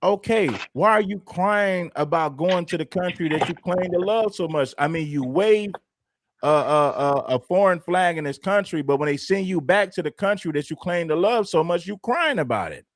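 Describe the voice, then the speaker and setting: A man's voice: high-pitched, lively intonation, normal speed, dry recording, studio quality. A man co-hosting a livestream, arguing pointedly and stumbling over fillers now and then. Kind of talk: heated livestream discussion.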